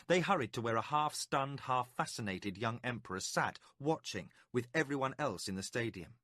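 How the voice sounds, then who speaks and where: A man narrating an epic fantasy audiobook with a dramatic, expressive delivery. His pitch rises and falls in lively sweeps, and the tone is bright. The recording is close and dry. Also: normal speed, no echo. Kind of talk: scripted narration.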